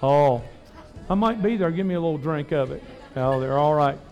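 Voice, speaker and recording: Fervent high-voiced revival preacher. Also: male voice, expressive, moderate pace, muffled recording, soft background music. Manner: fervent, swings from loud preaching to soft personal asides. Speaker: pastor leading a revival service. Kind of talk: revival sermon and altar prayer. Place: church sanctuary.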